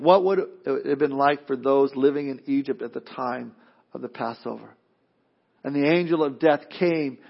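A man preaching a sermon as a pastor, animated, acting out voices and often repeating words as he starts a thought. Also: medium pitch, creaky. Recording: dull lo-fi sound.

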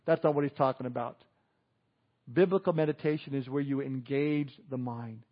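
A man's voice: medium pitch, normal speed, highs cut off. A man preaching a conversational sermon, chuckling and adding asides to the congregation. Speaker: pastor.

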